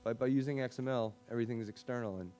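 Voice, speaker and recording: A man speaking casually on a discussion panel, chatty and full of fillers and quick asides. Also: medium pitch, mellow. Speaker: web design panelist.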